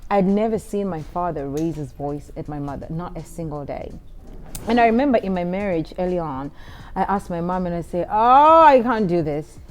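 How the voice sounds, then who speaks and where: A middle-aged woman on a talk show, chatting casually and telling an animated story, acting out quoted voices. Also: brisk. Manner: animated storyteller, acts out quotes with big pitch jumps.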